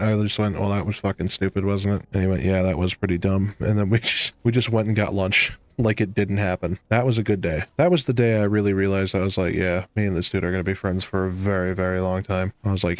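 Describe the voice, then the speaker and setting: A young man with a low voice chats through his gameplay, wandering from one story to the next. He talks in a loose, self-mocking way and often breaks into laughter. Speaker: gaming YouTuber. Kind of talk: casual commentary while playing.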